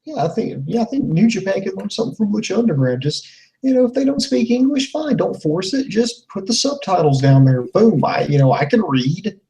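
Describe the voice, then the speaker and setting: A man's voice: high-pitched, very animated, fairly quick, vocal fry, mellow, recorded from a distance, low-quality recording. A man co-hosting a casual wrestling review podcast, rambling through his recap with many "you know"s. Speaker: podcast co-host.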